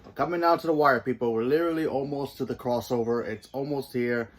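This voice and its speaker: A man hosting his own channel and giving a casual, rambling review of a TV episode. He fills his talk with "you know" and restarts, and his voice jumps up in pitch and volume when he stresses a point. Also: fast talker. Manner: rambling, many fillers and restarts.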